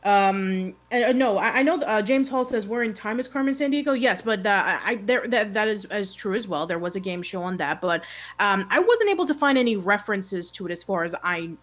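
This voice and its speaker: A woman's voice: mid-range voice, animated, brisk. A woman co-hosting a casual chat show, talking hesitantly with lots of fillers and restarts. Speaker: show co-host.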